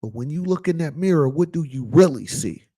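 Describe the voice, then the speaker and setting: A man talks straight to his viewers in a casual commentary, his voice sitting a little high. He loosens things up with fillers and comes back to his key lines again and again like a sermon. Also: lively intonation, fairly quick, dark tone, slightly rough. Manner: preachy, repeats lines for emphasis. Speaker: vlog host.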